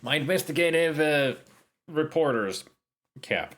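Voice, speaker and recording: Animated man giving let's-play commentary. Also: on the high side, a little slow. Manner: chatty, animated, jokey. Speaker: streamer playing a game.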